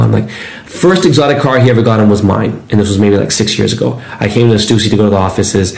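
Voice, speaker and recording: Guy on a podcast, swears a lot, acts out what ppl said, loose and animated. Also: lowish voice, quick pace, gravelly. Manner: animated, profane, acts out quotes. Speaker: podcast guest. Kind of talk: casual storytelling.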